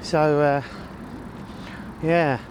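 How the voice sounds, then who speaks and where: A man's voice: a little high, flat delivery, very slow, a little mellow. A man cycling outdoors, rambling through a casual, jokey vlog about his ride and route. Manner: rambling, jokey, self-mocking, talks to himself. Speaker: cycling vlogger. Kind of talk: casual vlog narration while riding. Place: outdoors on a bicycle, country roads and city. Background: faint traffic and outdoor noise.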